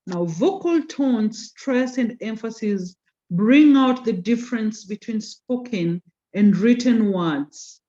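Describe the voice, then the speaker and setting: A woman teaches a communication class over a video call, drawing out important terms and calling on students playfully. Her voice sits fairly high and sounds warm and mellow. The call audio is dull and lo-fi. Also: animated. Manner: code-switches into Swahili, teasing students by name; slows down and stresses key terms. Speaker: communication skills lecturer. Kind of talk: online class lecture.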